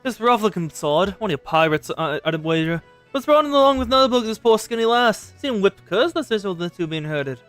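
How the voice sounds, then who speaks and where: A man voicing a gruff old male shipwright in a rough folksy drawl, while reading game dialogue aloud. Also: high voice, animated, fairly quick, hardly any pauses, a bit bright, soft background music, voice pushed up. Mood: conspiratorial.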